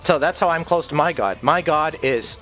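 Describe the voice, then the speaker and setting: Male streamer, high-pitched, profane and intense, rambling rant delivery; faint music bed. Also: normal speed, a bit bright. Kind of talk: ranting livestream monologue.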